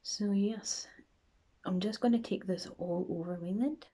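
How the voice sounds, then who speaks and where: A woman's voice: mid-range voice, a little slow, warm tone. A woman with a Scottish accent chatting and rambling through a makeup tutorial for her vlog, often dropping into a near whisper. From Scotland. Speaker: makeup vlogger.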